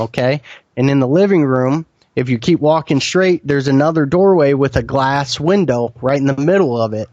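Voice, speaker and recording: A man's voice: fairly high pitch, darkish tone, no echo, dull audio. A man earnestly recounting a frightening encounter in detail as an interview guest, often restarting his sentences. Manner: earnest, vivid retelling with frequent restarts. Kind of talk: first-person storytelling.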